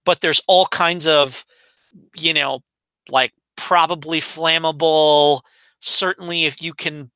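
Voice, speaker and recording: A man with a bright, forward voice describes a location during a tabletop game. He hesitates, fills gaps and corrects himself mid-sentence, and the recording is dry and close. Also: on the high side, no room sound. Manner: rambling, hesitant, self-correcting. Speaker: player.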